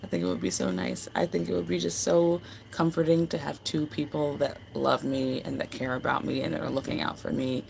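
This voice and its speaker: A woman's voice: low voice, level tone, brisk, creaky, hardly any pauses, darkish tone, slight background noise, rough recording. A woman hosting a livestream, chatting casually and affectionately with viewers, full of fillers. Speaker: livestream host. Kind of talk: casual chat with live chat.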